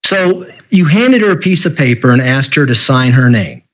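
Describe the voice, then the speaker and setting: A man's voice: mid-range voice, animated, moderate pace, poor audio. A man questioning a witness in a courtroom, pressing and insistent, pinning down answers. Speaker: prosecuting attorney. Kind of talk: courtroom cross-examination.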